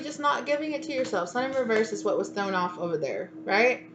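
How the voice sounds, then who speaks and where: A woman's voice: fairly high pitch, animated, brisk, fairly bright tone, a little hiss or hum. A woman giving a casual spoken tarot reading, rambling and chatty, with many fillers and restarts. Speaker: tarot reader.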